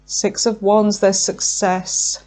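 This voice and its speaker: A woman's voice: medium pitch, little pitch movement, slow pace, darkish tone. A woman giving a tarot card reading, effusive and emotional, thinking aloud with frequent fillers. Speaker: tarot reader.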